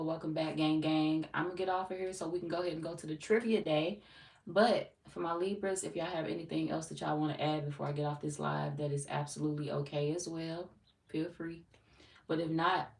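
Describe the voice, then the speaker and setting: A woman from St. Louis, Missouri, with a Missouri accent, hosting a tarot livestream and greeting viewers in loose, playful, slangy chat. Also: deep voice. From Saint Louis, Missouri. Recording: roomy echo, mic at a distance.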